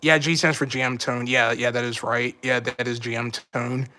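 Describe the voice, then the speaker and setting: A man with a medium-pitched, pushed and bright voice speaks at normal speed with little pitch movement. Hosting a casual livestream, he rambles, corrects his own slips, and sounds mildly frustrated.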